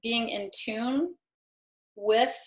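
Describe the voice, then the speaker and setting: A woman's voice: fairly high pitch, very slow. A woman in her fifties, a yoga teacher and guest, telling a personal story in an earnest, reflective way with light self-mockery. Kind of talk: personal storytelling in a talk show. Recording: roomy echo.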